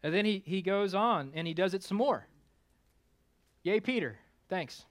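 High-voiced man preaching a lively sermon. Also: unhurried. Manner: conversational preaching with self-deprecating humor; rises in pitch and volume for emphasis, drops low for asides. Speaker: pastor.

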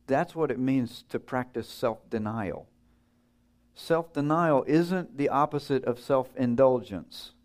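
A man's voice: medium pitch, unhurried, darkish tone. Conversational male preacher. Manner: conversational, asks the audience questions and acts out the story's voices. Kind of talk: sermon.

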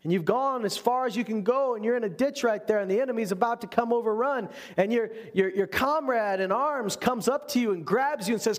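High-voiced man preaching with lively humor. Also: a little fast, hardly any pauses. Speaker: pastor. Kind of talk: sermon.

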